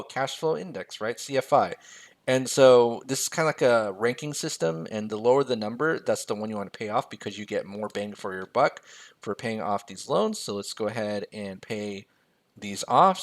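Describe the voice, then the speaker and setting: An American-raised man mentoring on personal finance, walking through a spreadsheet in a loose, joking way and reading numbers aloud as he types them. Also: fairly low pitch. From United States. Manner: casual and jokey, reading figures aloud as he types. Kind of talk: screen-share spreadsheet tutorial.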